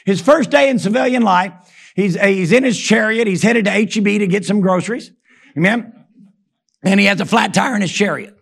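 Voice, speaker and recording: A pastor preaching with a high, gravelly voice. He punches key lines up to a shout, then sinks into near-whispered asides, and keeps calling on the congregation with a quick "Amen?". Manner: emphatic preaching, repeated call-and-response "Amen?"; rises to shouts for emphasis, drops low and soft. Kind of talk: sermon.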